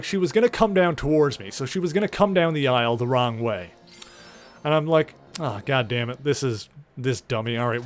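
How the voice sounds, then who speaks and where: A man with a slightly high, darkish voice streams a video game, rambling casually through his gameplay commentary with lots of fillers and the occasional swear word.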